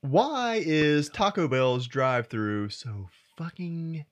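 Lively crude-joking podcast man. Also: on the high side, takes it slowly, lo-fi sound. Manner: crude, animated storytelling with asides. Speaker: podcast co-host. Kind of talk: casual comedic chat.

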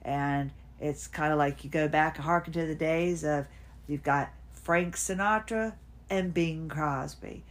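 A woman in her fifties talks at home in an unscripted personal monologue. Her voice sits a little low. She wanders between thoughts and sometimes coaches herself aloud. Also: unhurried. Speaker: podcast host. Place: at home, seated.

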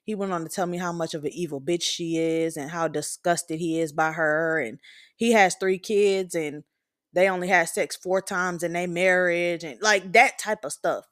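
A woman's voice: on the low side, steady tone, normal speed. A woman in her twenties hosting a show, giving a candid, blunt and profane opinion monologue. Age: 20s. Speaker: podcast host.

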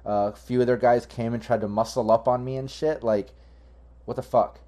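A man's voice: mid-range voice, steady tone, moderate pace, dark tone, close to an everyday voice. An irritated dock worker, sassy and foul-mouthed, voiced by a man in a tabletop game. He swears freely in an ordinary mid-range voice. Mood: annoyed.

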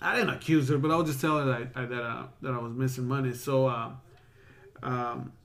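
A man's voice: mid-range voice, steady tone, fairly quick, gravelly, fairly bright tone. A man telling a long story in casual podcast chat, rambling, slangy and full of swearing.

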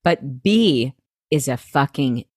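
A woman's voice: extremely low pitch, expressive, slow pace, a little mellow, no room sound, studio quality. A woman co-hosting a podcast, recapping a TV episode in casual chat, swearing, laughing and acting out quotes. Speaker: podcast co-host.

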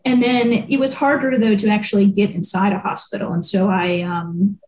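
A woman's voice: medium pitch, steady tone, moderate pace, a little mellow. A young adult woman, a newspaper reporter, answering interview questions in a reflective way with frequent ums and likes. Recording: echoey room.

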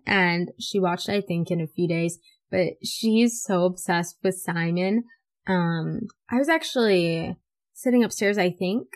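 A teenage girl hosting a casual podcast, telling stories in an animated, chatty way full of "like" fillers. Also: mid-range voice. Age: teens. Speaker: podcast host. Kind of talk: casual chat.

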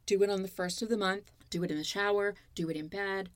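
A woman's voice: medium pitch, fairly even intonation, fast talker, dry recording. A woman in her fifties, a guest telling her story in an earnest, emotional way during a candid interview.

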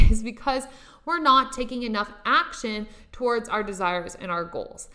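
A woman's voice: a little high, pushed and bright. A young adult woman, a spiritual coach, talking casually and motivationally to her listeners, with lots of filler words and casual swearing.

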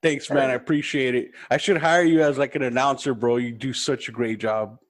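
A man's voice: mid-range voice, steady tone, a little fast. A man hosting a podcast, chatting casually and enthusiastically with lots of slang and swearing. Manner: laid-back, enthusiastic, profane. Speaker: podcast host.

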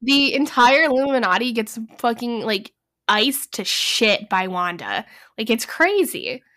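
A woman's voice: on the high side, lively intonation, unhurried, sharp tone. A young woman co-hosting a casual movie review chat, rambling and swearing, with constant fillers. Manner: rambling, profane, heavy use of "like". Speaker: podcast co-host.

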